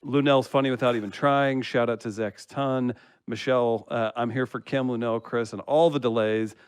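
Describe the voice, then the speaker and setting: A man with a smooth, resonant voice reads listener comments on a comedy podcast. He teases the hosts and laughs easily between lines. The sound is close and dry, with no room around it. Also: mid-range voice, fairly even intonation, normal speed, no echo. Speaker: producer reading listener comments. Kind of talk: casual podcast chat.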